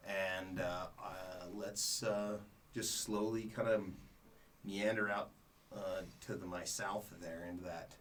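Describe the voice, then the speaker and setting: A man playing a tabletop game in a game store, thinking aloud with halting, hesitant speech. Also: low voice, fairly even intonation, fairly bright tone, recorded from a distance, slight background noise. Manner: halting, many fillers and restarts. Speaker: player. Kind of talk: casual tabletop play.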